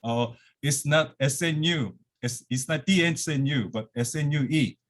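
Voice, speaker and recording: A man's voice: fairly high pitch, normal speed. A man gives an academic lecture over a video call from his office, slightly out of breath, with many fillers and restarts. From Korea. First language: Korean. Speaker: guest lecturer.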